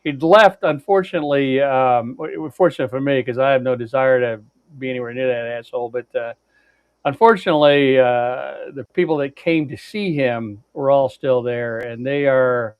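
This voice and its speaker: A man's voice: medium pitch, moderate pace, clear, resonant tone, no echo. Blunt rambling man on a dull dry mic. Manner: rambling storyteller, lots of uh and restarts, blunt and profane. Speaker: podcast co-host. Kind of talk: casual chat, telling a road-trip story.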